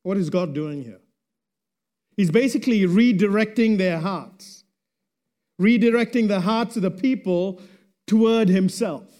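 Slow, high-voiced male preacher. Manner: slow and deliberate, dropping to a hush at phrase ends. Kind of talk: sermon.

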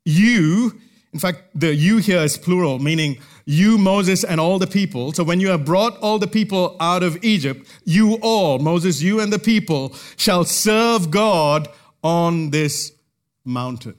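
A man preaching an expository sermon, teaching through a passage verse by verse in a measured way with emphatic pauses. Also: sits high.

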